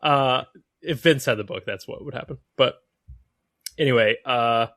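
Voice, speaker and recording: A man's voice: medium pitch, normal speed, fairly bright tone, dry recording, clean studio sound. Opinionated man ranting on a podcast. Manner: opinionated, mocking, mimics wrestlers mid-rant. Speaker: podcast co-host. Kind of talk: casual wrestling chat.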